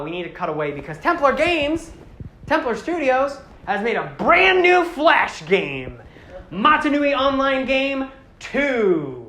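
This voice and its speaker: A woman giving a rambling, animated casual talk to a live audience, often slipping into character voices. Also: on the high side, echoey room. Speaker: presenter.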